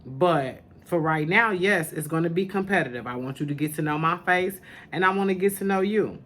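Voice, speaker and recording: A woman's voice: low-pitched, brisk, fairly bright tone. A woman hosting a spiritual podcast in casual talk to camera, sassy and familiar, calling listeners honey and baby. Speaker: podcast host, spiritual teacher.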